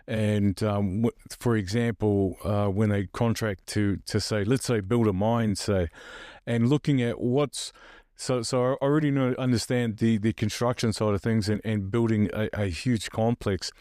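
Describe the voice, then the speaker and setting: New Zealand man, low smooth voice. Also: darkish tone, no room sound, studio quality. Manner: halting, many restarts and fillers. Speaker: podcast guest. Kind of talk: casual interview talk.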